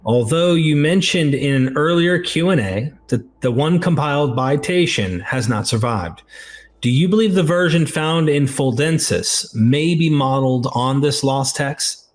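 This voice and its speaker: A man hosting, reading audience questions to a guest in a measured way. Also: fairly high pitch, animated. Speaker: host.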